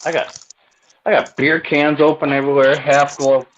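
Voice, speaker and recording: A man's voice: on the high side, flat delivery, normal speed, a bit bright, dull audio, a little hiss or hum. A man joining a casual live-stream chat as a guest, making joking remarks. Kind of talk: casual call-in banter.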